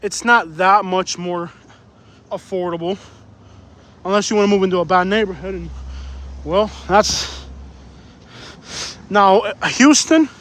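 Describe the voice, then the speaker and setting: A man's voice: high voice, measured pace, long pauses, a bit bright. A man live-streaming from a beach while walking, talking in an opinionated, emphatic way and getting out of breath. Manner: opinionated, emphatic, repeats himself. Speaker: livestream vlogger. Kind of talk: casual live-stream chat. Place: beach outdoors.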